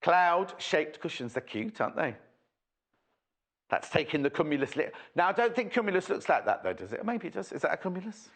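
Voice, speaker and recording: Lively man presenting on air. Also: a little high, a little fast. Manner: rambling, jokey and self-chatting, with many asides. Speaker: TV shopping presenter. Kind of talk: chatty live sales presentation.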